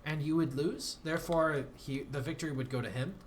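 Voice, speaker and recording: A man with a slightly high, somewhat quick voice streams a game over faint background noise. He chats and rambles casually in a self-deprecating way, breaking now and then into mock outrage, the typical feel of relaxed livestream commentary.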